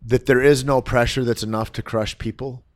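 Animated storytelling man on a podcast. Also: medium pitch, normal speed, dry recording, clean studio sound. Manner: animated storyteller, acts out quoted people. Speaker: podcast guest. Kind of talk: casual podcast conversation, storytelling.

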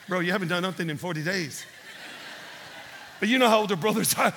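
A male pastor preaching a sermon as a dramatic storyteller, swinging from hushed talk to shouting. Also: sits high, quick pace, breathy edge.

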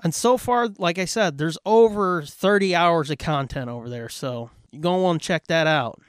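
A man's voice: fairly high pitch, moderate pace, clear, resonant tone, no room sound. Podcast host, man; laid-back, profane, rambling plugs; dry close sound. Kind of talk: casual podcast outro with plugs.

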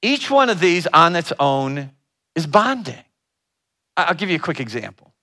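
Brief: relationship educator, animated storyteller, high and bright tone. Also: male voice, normal speed. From Northern Ohio. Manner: animated storyteller with asides to the audience. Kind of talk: storytelling talk.

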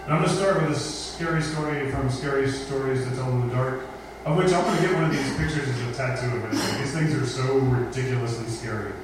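A man's voice: mid-range voice, fairly quick. Man reading a ghost story, echoey. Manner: dramatic groaning voices for the monster. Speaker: host of a spoken word event. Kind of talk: reading a scary story aloud. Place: live event space. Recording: echoey room from far off with noise.

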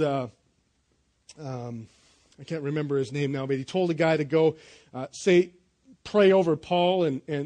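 A man preaching a sermon in a church, retelling Bible stories in a lively, casual way and acting out the characters' lines in modern slang. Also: fairly high pitch. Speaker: pastor. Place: church sanctuary.

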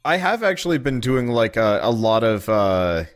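A man's voice: medium pitch, very animated, normal speed. A young man chatting casually on a podcast, often hesitant and trailing off with fillers as he talks about games. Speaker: podcast guest, video game streamer.

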